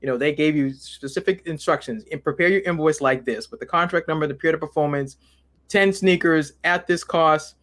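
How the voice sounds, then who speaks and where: A woman's voice: deep voice, a little fast. A woman guest in an interview, explaining step by step in a methodical way and counting off points by number. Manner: methodical, lists steps by number. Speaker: guest author.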